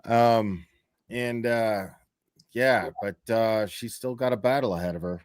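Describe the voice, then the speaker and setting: A man's voice: lowish voice, a little slow, clear, resonant tone, dry recording, studio quality. A man co-hosting a podcast in casual chat, answering briefly with hesitant fillers.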